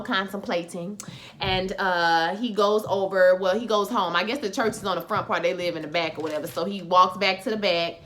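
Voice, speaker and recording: A woman talking through a TV episode recap in a loose, chatty way, full of slang and little fillers. Her voice is bright and sharp, with a forward edge. She keeps it casual and conversational throughout. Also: medium pitch. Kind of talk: casual spoken recap and review.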